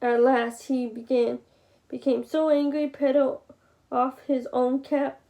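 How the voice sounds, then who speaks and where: A woman reading a picture book aloud, slow and with chatty asides to the listener. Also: high-pitched, steady tone, vocal fry, dark tone. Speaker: storybook reader.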